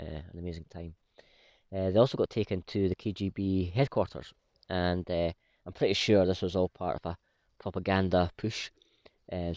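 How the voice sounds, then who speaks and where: Deep-voiced man telling a family tale. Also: no room sound, dull audio. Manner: relaxed, with many "uh" fillers. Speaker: pipe-smoking vlog host. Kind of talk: casual storytelling. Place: woodland, outdoors.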